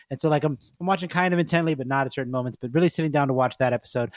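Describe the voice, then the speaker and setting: A man co-hosting a podcast in casual chat, reflective and quick to laugh. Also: mid-range voice, no room sound, studio quality. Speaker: podcast co-host.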